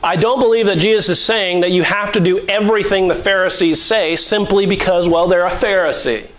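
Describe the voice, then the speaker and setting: A man's voice: high-pitched, fairly even intonation, fairly quick, fairly bright tone, rough recording. A middle-aged male pastor preaching a sermon in a conversational way, with mock-voiced asides and chuckles.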